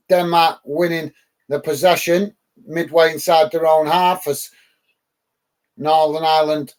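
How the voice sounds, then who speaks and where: A man's voice: fairly high pitch, a little mellow. A man from the UK hosting a live football watch-along, calling the match and chatting casually with viewers, with frequent ums and uhs.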